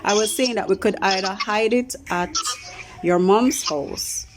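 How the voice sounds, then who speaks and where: A Jamaican woman chatting with her partner in a brisk, practical way as they plan something. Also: medium pitch, noisy background. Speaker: mother. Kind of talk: casual chat with her partner.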